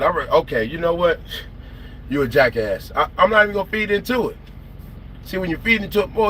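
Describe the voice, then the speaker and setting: A man's voice: on the high side, a little hiss or hum. A man, telling stories in a slangy, emphatic way on a late-night trucking livestream. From South Carolina. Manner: animated, slangy, emphatic storytelling. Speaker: trucker vlogger.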